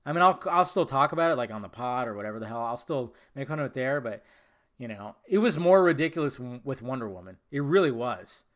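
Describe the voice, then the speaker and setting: A man's voice: medium pitch, expressive, fast, fairly bright tone. A man hosting a solo podcast, talking casually and rambling, with profanity and frequent laughter. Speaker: podcast host.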